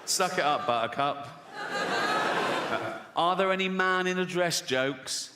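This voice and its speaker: A man's voice: high-pitched, normal speed, very noisy. Sardonic man in an echoing hall. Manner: sardonic, swearing, breaking into laughter. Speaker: comedian. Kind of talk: stand-up routine.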